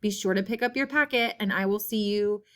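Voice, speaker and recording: A woman teacher giving a recorded spelling lesson, saying each word several times in a clear, patient way. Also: medium pitch, a little fast, fairly bright tone. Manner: clear, patient classroom delivery.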